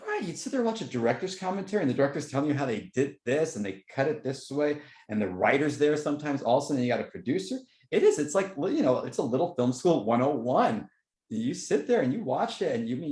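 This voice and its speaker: A podcast host rambles excitably through a casual chat in an echoey room. His storytelling is lively, full of jumps in pitch.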